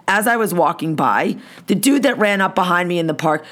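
A woman hosting a podcast, ranting with lots of swearing in a hoarse voice. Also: medium pitch, expressive, quick pace, few pauses. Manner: profane, heated ranting. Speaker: podcast host. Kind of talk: ranting monologue.

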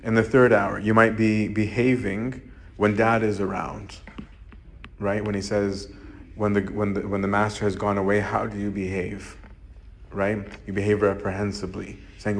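A man's voice: fairly low pitch, level tone, unhurried, slight background noise. A man, a monk, giving an informal, conversational sermon and often checking in with "right?". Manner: conversational, keeps asking "right?". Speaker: monk preacher.

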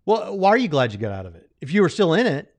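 A man's voice: a little high, very animated, fast talker. A man co-hosting a podcast, arguing his point step by step in casual commentary. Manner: argumentative, builds a case step by step. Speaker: podcast co-host.

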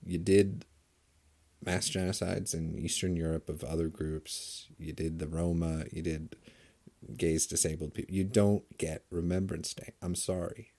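A man's voice: sits low, fairly even intonation, measured pace, creaky, warm tone. A man delivering a rambling, sarcastic comedic rant full of digressions.

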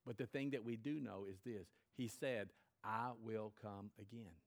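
A man preaching a sermon to his church, emphatic, rising high and loud then dropping low and quiet. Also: fairly even intonation, a little slow. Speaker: pastor.

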